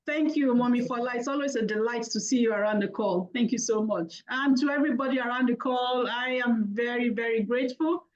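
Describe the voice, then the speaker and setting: A woman hosting an online talk, warmly thanking attendees one by one by name over a video call. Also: a little high, a little fast, hardly any pauses. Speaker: host of an online money talk. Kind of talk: casual thank-yous and roll-call at the close of a video call. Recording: dull lo-fi video call audio.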